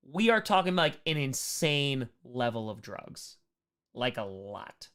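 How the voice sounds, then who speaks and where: A young man with a medium-pitched, clean voice teaches a history lesson on a live stream. He's animated and full of jokes, dropping sarcastic asides and quick bits of mock dialogue as he answers chat.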